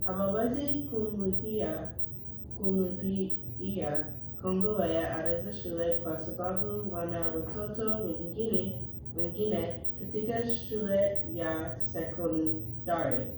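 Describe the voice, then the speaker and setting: A young woman student reading a passage aloud in class, halting and stumbling over words. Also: lowish voice, noisy background. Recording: echoey classroom, distant from the mic.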